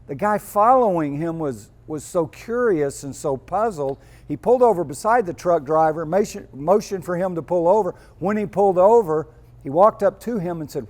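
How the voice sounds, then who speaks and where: A man's voice: high-pitched, animated, normal speed, a little mellow. A male pastor preaching a sermon, telling homespun stories and building to emphatic peaks.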